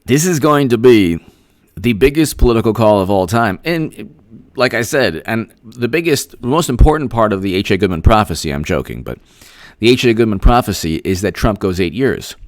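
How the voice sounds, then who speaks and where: A man hosting a political commentary livestream, reading out viewer comments and thanking them by name in an excitable, rambling way, often repeating himself. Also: lowish voice, moderate pace, no echo, clean studio sound.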